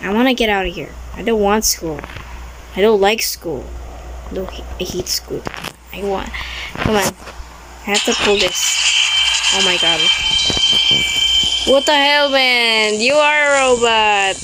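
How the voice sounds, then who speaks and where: A woman's voice: medium pitch, a little slow, long pauses, background noise. A young woman commenting on her own gameplay, easily startled, with frequent exclamations and non-native English grammar. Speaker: gaming video creator.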